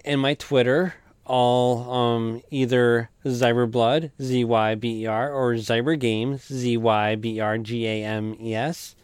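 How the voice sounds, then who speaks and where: A man's voice: mid-range voice, clean tone, no room sound. A man, a podcast guest, chatting casually and listing where to find him. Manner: relaxed, spells out handles. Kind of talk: casual chat.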